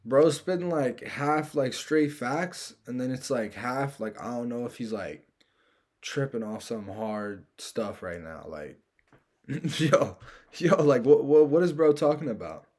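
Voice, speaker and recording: A man's voice: mid-range voice, lively intonation, a little slow, a little mellow. Laid-back man reacting in slang. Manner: laid-back, slangy, chuckling, speaking to viewers. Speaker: reaction channel host. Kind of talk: casual reaction commentary.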